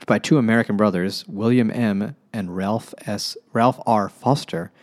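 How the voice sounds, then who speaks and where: A man with a lowish voice in casual podcast chat, co-hosting with a dry, offhand delivery. He talks in a loose, conversational way. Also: measured pace, darkish tone. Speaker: podcast co-host.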